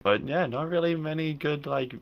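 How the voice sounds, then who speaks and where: A man's voice: fairly high pitch, moderate pace, vocal fry. A young adult man, a filmmaker and podcast guest, chatting casually and rambling with frequent restarts. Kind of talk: casual interview chat.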